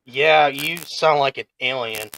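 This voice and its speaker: A man's voice: medium pitch, a little slow, pushed and bright. A man hosting a casual wrestling podcast, teasing his co-hosts and moving through the matches. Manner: laughing, teasing, runs the segments. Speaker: podcast host. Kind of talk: casual chat.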